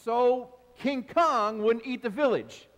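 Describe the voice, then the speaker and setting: A man preaching a sermon from the pulpit, animated and calling out to his congregation with questions. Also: extremely high pitch, slow, long reverb tail. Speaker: pastor. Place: large church hall.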